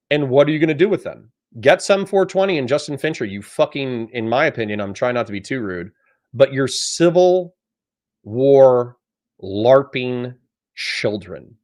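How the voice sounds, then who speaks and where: A man hosting a livestream, reading out chat messages and answering them in a blunt, profane, conversational way. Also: medium pitch. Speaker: livestream host.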